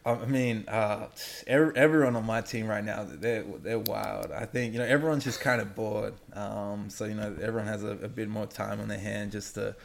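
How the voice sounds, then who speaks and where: Young Australian man, faded accent, low gravelly voice, laid-back and halting. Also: steady tone. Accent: Australian, somewhat faded. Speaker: guest athlete. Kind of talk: casual remote interview.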